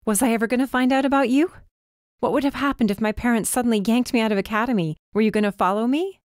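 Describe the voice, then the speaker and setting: A woman's voice: on the high side, fast, dry recording, studio quality, pitched above the performer's own voice, lightly acted. A woman voicing a defiant young heroine. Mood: angry. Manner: emphatic, rising to shouts. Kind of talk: audiobook character voice.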